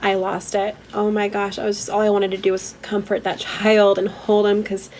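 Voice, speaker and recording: A woman's voice: medium pitch, monotone, moderate pace, a little mellow, slight background noise, low-quality recording. A young woman vlogger telling a painful personal story candidly, fighting back tears and a little stuffy from a cold. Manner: candid, emotional, rambling with fillers. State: teary, holding back tears.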